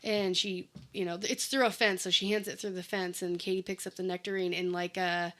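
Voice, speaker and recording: A woman's voice: lowish voice, little pitch movement, brisk, a bit bright. A woman co-hosting a casual movie recap chat, chatty, full of likes and ums as she quotes characters. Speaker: podcast co-host.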